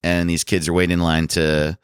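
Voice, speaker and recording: A man tells a rambling story in a low, smooth voice, swearing freely and acting out the people in it. The sound is dry and close. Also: a little fast, no echo. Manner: animated storyteller, swears a lot, acts out voices. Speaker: comedian podcast guest. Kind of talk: casual storytelling chat.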